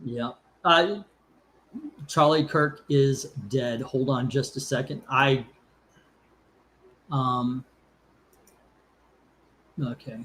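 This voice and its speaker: A man's voice: medium pitch, steady tone, very slow, pauses often, fairly bright tone, a little hiss or hum. A man co-hosting a casual live stream, emotional and rambling, sometimes flaring into anger. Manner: emotional, rambling, rising to angry outbursts. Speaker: co-host of a comics channel.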